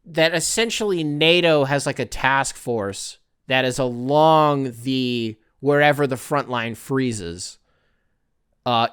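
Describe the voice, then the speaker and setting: A man's voice: mid-range voice, fairly bright tone, clean tone, no echo, studio quality. Profane rambling male podcast host. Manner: rambling, profane, tongue-in-cheek. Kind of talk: casual solo commentary.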